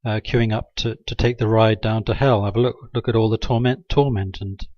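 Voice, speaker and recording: Man, dry sarcastic rambler, mid-pitched, hesitant with lots of ums, dull lo-fi home recording, close and dry. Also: fairly even intonation, fairly quick, no echo. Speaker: video maker. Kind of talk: rambling satirical monologue.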